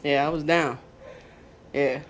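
A woman's voice: deep voice, fairly even intonation, slow pace, very noisy. A woman filming a family vlog at home, chatting to viewers with lots of laughs while she cooks in her kitchen. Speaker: family vlogger, mom. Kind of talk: casual vlog chat and cooking talk.

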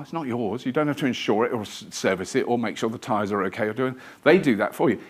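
A man's voice: mid-range voice, husky. Chatty man giving a rambling lecture. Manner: chatty, rambling, self-deprecating storytelling. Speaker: guest lecturer. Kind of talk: live lecture to an audience. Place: museum lecture theatre.

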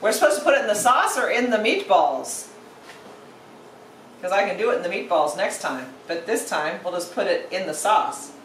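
A woman's voice: mid-range voice, lively intonation, normal speed, reverberant, distant mic, slight background noise, poor audio. A woman hosting a casual cooking demonstration, chatty and playful as she talks through each step. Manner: chatty and playful, narrates steps aloud. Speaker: cooking show host.

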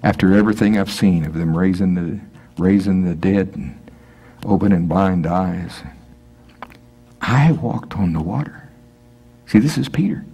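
A man's voice: low-pitched, a little slow, pauses often, warm tone, husky. A man preaching a sermon in a church, reading scripture aloud and explaining it conversationally, acting out the speakers' lines. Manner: conversational, acts out voices, breaks into laughter.

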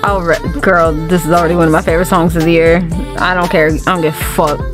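Woman, young adult, lowish voice, blunt casual reaction talk, faint music underneath. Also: quick pace. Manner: blunt, swears freely, animated asides. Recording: faint music behind her voice.

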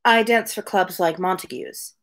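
A woman reading the lines of a calm young woman dancer in a soft, hushed voice, with no put-on accent. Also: lowish voice, moderate pace. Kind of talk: read-aloud dialogue.

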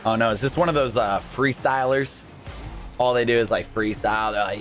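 A man giving live gameplay commentary for his video, excitable and quick to yelp. His pitch swings widely from low mutters to high shouts. Faint music plays behind him. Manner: excitable, jumps from calm chatter to high yelps. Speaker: gaming video host.

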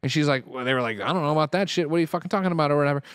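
Fast-talking man, sweary plot recap. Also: on the high side, clean tone, no echo, studio quality. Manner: fast rambling recap with sweary asides and mimicked lines. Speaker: podcast co-host recapping a film. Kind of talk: casual chat, plot recap.

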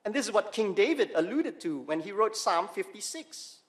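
Male pastor preaching, high-pitched, emphatic, pauses for weight. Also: big pitch swings, a bit bright. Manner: emphatic, slow dramatic pauses on key words; rhetorical questions to the congregation. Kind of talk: sermon.

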